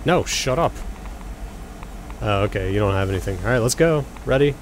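A man's voice: on the low side, expressive, moderate pace. A young man giving casual, jokey commentary while playing a video game, chatting at the enemies on screen. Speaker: let's play gamer. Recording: game noise under voice.

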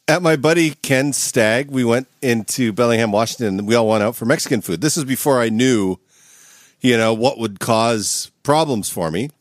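A man's voice: mid-range voice, moderate pace, no room sound, clean studio sound. A man co-hosting a podcast over a video call, telling a wild story with lots of swearing and laughter. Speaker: podcast co-host. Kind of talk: casual chat, storytelling.

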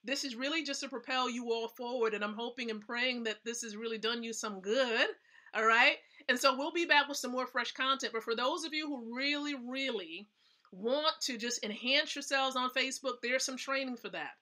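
A woman's voice: on the high side, moderate pace, bright, forceful tone. A woman hosting a casual live stream, giving chatty, emphatic tips and often checking in with her viewers. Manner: chatty, emphatic, asks the audience questions. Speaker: host.

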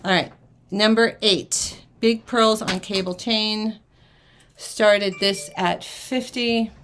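A woman hosting a live jewelry shopping auction, chatting away and acting out the people in her stories, then dropping quietly to herself while she handles items. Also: mid-range voice, slow, slight background noise. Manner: chatty, acts out quoted people in a lively way.

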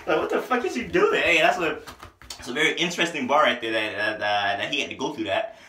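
A man reviewing an album in a casual, rambling way, excitable and full of slang, with a headache. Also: medium pitch, fast, background noise. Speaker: music reviewer. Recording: echoey room.

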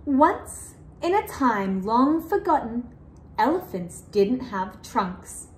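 A woman reading a picture book aloud to children, animated and asking the listener questions. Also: fairly high pitch, slow, roomy sound, a little hiss or hum. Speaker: children's storyteller.

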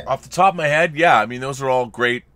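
Fast and mid-range, the man's voice carries no room sound as he co-hosts a livestream podcast. He's animated, chatting casually and reading viewers' messages with playful voices and asides.

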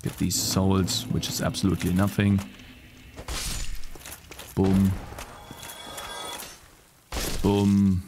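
With a low voice and completely flat delivery, a man takes it slowly as he streams a video game and talks casually to his chat. He's easily frustrated and swears freely, and there's background noise along with game music.

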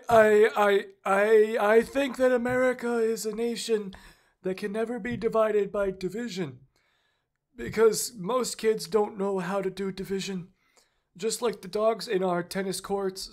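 A man doing a stammering rambling old president. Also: sits high. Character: rambling bumbling male president impression. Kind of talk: comedic impression.

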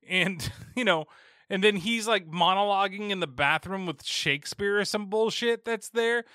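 A man's voice: high voice, moderate pace, pushed and bright, dry recording, clean studio sound. A man hosting a horror movie podcast, rambling casually with profanity and sarcasm. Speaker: podcast host. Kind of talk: casual film review.

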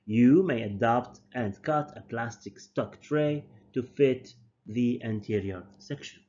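A man, a native Arabic speaker, giving a university dental lecture slowly and deliberately, often repeating and correcting his terms. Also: mid-range voice, dark tone, slight background noise. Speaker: dental professor. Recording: dull lo-fi lecture recording.

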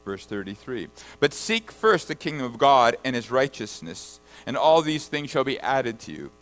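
A man preaching a sermon and reading scripture aloud, rising to loud emphatic bursts and then dropping low and soft. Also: very animated, moderate pace, soft background music, low-quality recording. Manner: reads scripture verses aloud. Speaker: pastor.

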